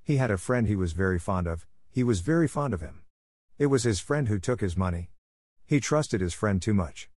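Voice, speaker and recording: A man doing a quiet young orphan girl. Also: lowish voice, animated, moderate pace, no echo, clean studio sound. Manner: quiet, soft-spoken.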